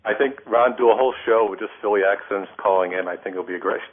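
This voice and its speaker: A man's voice: fairly low pitch, quick pace. A man calling a radio show, chatty and poking fun at himself. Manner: chatty, self-deprecating. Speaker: radio caller. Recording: tinny phone line.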